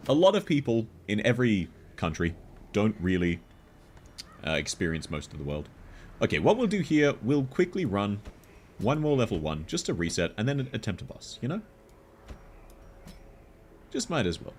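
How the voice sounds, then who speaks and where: Lively low-voiced man chatting while gaming. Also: moderate pace, pauses often, slight background noise. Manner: chatty, laughs often, lively rises in pitch. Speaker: streamer. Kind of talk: casual gameplay commentary chatting with viewers.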